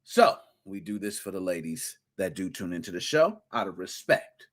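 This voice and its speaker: A man hosting a live gaming podcast, giving playful, hyped-up shout-outs to his chat with slang and rhymes. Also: low-pitched, sing-song, moderate pace. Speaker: podcast host.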